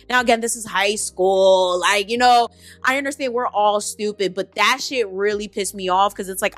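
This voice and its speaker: A woman's voice: medium pitch, bright, forceful tone, no room sound. A young woman vlogger telling a storytime, blunt and profane, acting out the people she quotes. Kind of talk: storytime vlog.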